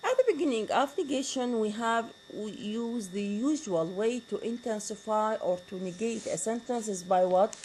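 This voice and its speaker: A woman's voice: on the high side, moderate pace, hardly any pauses, a little mellow, slight background noise, rough recording. Woman lecturing on grammar. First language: Arabic. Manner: switches between English and Arabic, asks rhetorical questions. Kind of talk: university lecture.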